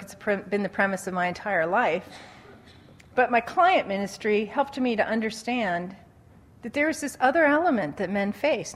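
A woman giving a conversational Christian teaching talk on dating, telling stories with animated quoted voices and frequent laughter. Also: on the high side. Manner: animated storytelling, acting out quotes, laughs often.

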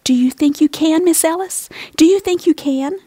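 A woman's voice: very high-pitched, moderate pace, dark tone, no echo, clean studio sound, pitched above the performer's own voice. A woman voicing a shy little hunchbacked schoolgirl in a storybook reading, small and pleading. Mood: hopeful. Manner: small, pleading, breaking with tears.

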